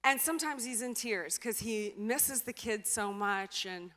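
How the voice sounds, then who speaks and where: A woman giving a motivational speech as personal storytelling, animated, acting out dialogue and trailing off with filler sounds. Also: on the high side, unhurried. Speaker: motivational speaker. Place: stage in a large venue. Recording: reverberant hall.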